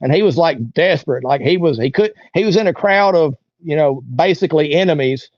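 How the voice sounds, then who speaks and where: A man's voice: fairly high pitch, lively intonation, fairly quick, darkish tone, dry recording, highs cut off. A man, an interview guest telling a long story in a rambling, folksy way. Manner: rambling, folksy, lots of "you know" and "like". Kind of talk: casual storytelling.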